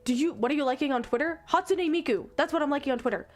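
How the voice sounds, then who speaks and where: A woman's voice: high voice, rapid-fire, faint music behind. A female streamer giving casual commentary, exasperated and swearing a lot.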